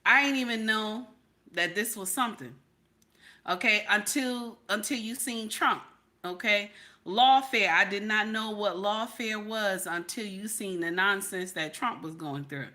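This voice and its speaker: A woman's voice: mid-range voice, measured pace, sharp tone. A woman vlogger chatting casually on a live stream, repeating herself and talking straight to her chat viewers. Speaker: vlogger reacting to videos and chat.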